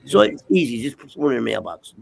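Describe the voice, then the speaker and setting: Interview guest, male, gravelly and husky, swears freely while acting out scenes. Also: mid-range voice, fast. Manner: profane, animated storyteller acting out dialogue. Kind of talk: casual storytelling.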